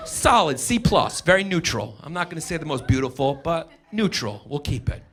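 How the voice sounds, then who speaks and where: A man's voice: a little high, very animated, normal speed. A man doing a brash, profane stand-up comedy set on a club stage, riffing on a handheld mic. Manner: brash, profane, riffing, mock-foreign gibberish bits. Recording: live club recording, loud crowd laughter and noise. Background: audience laughter.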